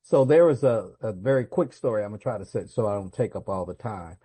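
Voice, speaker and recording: Man, guest speaker, confessional storytelling, mellow tone, lowish voice. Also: lively intonation, fast talker, slightly rough. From United States. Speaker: guest speaker at a recovery meeting. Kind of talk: answering a question at an online meeting.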